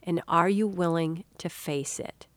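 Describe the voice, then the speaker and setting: A middle-aged woman hosts an inspirational podcast with a low voice. She tells personal stories in a chatty, encouraging manner and calls her listener dear soul. The sound is dry, with no room around her. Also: unhurried, no room sound. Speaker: podcast host and author. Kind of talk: inspirational talk.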